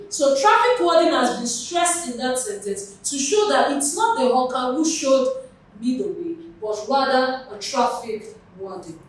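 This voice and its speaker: A woman with a Nigerian accent teaching English for an exam, explaining patiently with examples. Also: high-pitched. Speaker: English tutor. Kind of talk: exam prep lesson. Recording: very echoey room, mic far off.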